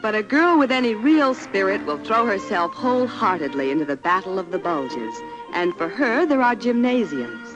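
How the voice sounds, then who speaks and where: A man narrating a vintage newsreel in a brisk, chipper announcer style. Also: sits high, sing-song. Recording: dull old film soundtrack with music.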